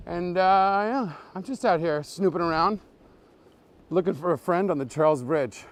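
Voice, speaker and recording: Deadpan joking man, higher voice. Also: moderate pace. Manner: deadpan joking with absurd fake facts; chatty, greets live viewers. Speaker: comedy tour guide. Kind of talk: live-streamed walking tour chat. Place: outdoors on a bridge at night.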